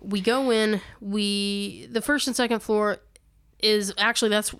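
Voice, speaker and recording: A woman's voice: medium pitch, steady tone, unhurried, fairly bright tone, clear, resonant tone, dry recording, clean studio sound. Rambling woman podcast host. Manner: rambling, self-correcting, laughs often. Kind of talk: casual storytelling chat.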